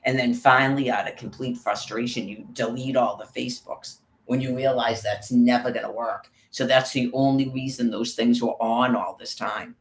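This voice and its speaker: A man's voice: mid-range voice, fairly even intonation, moderate pace, hardly any pauses, echoey room, rough recording. A man vlogging on a walk, talking in a rambling, profane monologue and calling out viewers by name. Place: outdoors on a walk.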